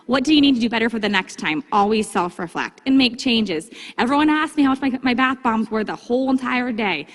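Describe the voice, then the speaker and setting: A woman giving a casual, upbeat training talk to her sales team, breaking into livelier, higher tones when she acts out chats with customers. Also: lively intonation, brisk, hardly any pauses. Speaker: direct sales consultant giving vendor training. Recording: long hall reverb.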